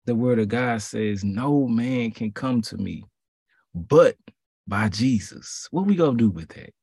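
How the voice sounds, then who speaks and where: A man giving a casual sermon in relaxed slang, repeating his phrases for emphasis. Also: mid-range voice, measured pace, slightly rough, no room sound, clean studio sound. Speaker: preacher.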